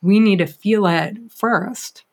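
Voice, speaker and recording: A woman hosting a podcast, summing up her guest's point in a measured way. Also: medium pitch. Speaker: podcast host. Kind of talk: casual interview talk.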